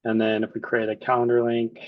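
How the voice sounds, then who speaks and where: A man's voice: medium pitch, brisk, no echo, narrow, tinny audio. Man casually walking through a demo. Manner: relaxed, thinks aloud while clicking through. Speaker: client. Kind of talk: casual software demo walkthrough.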